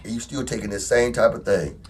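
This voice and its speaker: A man's voice: lowish voice, fast, crowd noise. A man, co-hosting a casual relationship talk show and telling stories while acting out the people in them. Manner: animated storytelling, acting out quoted people. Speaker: co-host.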